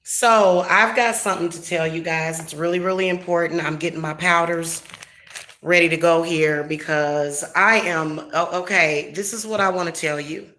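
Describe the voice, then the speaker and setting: A woman's voice: on the low side, steady tone, moderate pace, sharp tone. A middle-aged woman, a spiritual reader, ranting casually and profanely about her irritations to her viewers. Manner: irritated, profane, emphatic venting. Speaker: spiritual reader and channel host. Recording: echoey room with faint noise.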